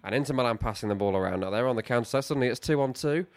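A man's voice: mid-range voice, racing, a little hiss or hum. A man hosting a podcast, giving dry, wisecracking football play-by-play. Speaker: podcast host and commentator. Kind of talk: comedic football commentary.

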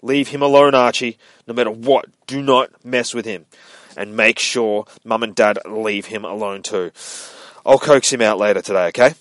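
A sick teenage boy from a comic speaks wearily and keeps things to himself, read by a man. The voice is low and subdued. The sound is dry and close. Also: huge pitch swings, unhurried, long pauses, no echo, exaggerated voice. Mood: insistent.

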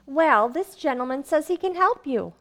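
A woman's voice: sits high, expressive, normal speed, fairly bright tone. An actress playing a cheerful, kindly young wife and mother in a 1940s radio drama, sweet and friendly.

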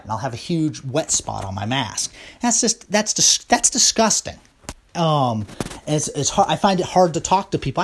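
A man's voice: mid-range voice, slight background noise. An American man in a casual monologue to camera, talking through his opinions in a rambling, opinionated way. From United States. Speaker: vlogger.

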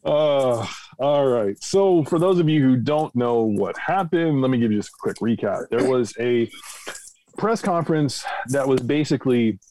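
A man co-hosting a casual podcast, recapping the news in a relaxed, conversational way. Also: medium pitch, a little slow, rough recording. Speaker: podcast co-host.

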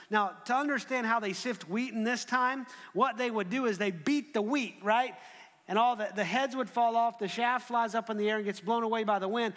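A man preaching a sermon, telling the story in an animated way and often restarting his phrases. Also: sits high, fairly quick. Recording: echoey hall.

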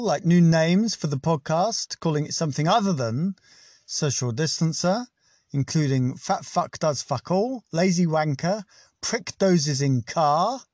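A man's voice: fairly high pitch, darkish tone, no room sound, studio quality. A man hosting a casual solo podcast, rambling and swearing and laughing at his own jokes. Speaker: podcast host.

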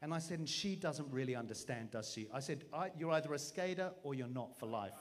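A man, preaching through a funny personal story with a self-mocking, animated manner and acted-out voices. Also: mid-range voice, a little fast. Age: 40s. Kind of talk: storytelling sermon.

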